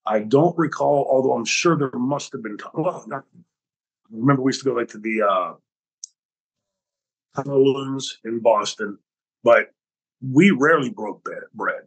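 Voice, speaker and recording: A man hosting his own podcast, telling backstage stories in an animated, profane way and acting out the dialogue. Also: mid-range voice, moderate pace, long pauses, husky, poor audio. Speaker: podcast host. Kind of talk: storytelling podcast talk.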